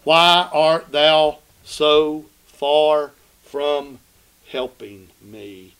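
A man preaching a sermon in a bright, ringing voice that sits a little high. He asks his listeners questions and swings between loud emphatic cries and low, hushed asides. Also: fairly even intonation, very slow, creaky, poor audio.

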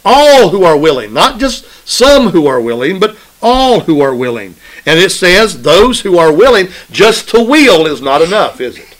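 A man's voice: high-pitched, big pitch swings, moderate pace, hardly any pauses, a bit bright, poor audio. A man preaching a sermon, emphatic and repetitive, often asking his listeners "right?" in a call-and-response way. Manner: emphatic, repeats phrases for stress.

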